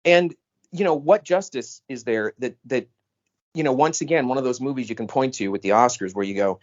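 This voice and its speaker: A man co-hosting a podcast in casual chat, talking animatedly and jumping up in pitch when he quotes people. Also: fairly quick, a little mellow, highs cut off. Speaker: podcast co-host. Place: on a phone call.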